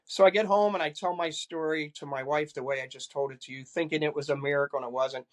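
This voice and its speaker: A man's voice: on the high side, steady tone, fast talker. An older man, a retired police chief, earnestly recounting personal experiences in a conversation, often repeating words as he goes.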